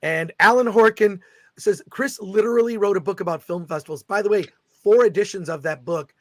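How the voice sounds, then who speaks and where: A middle-aged man hosting a casual livestream chat, excitably reading viewer comments aloud. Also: high-pitched, a little fast, no room sound. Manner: excitable, reads viewer super chats aloud. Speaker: host.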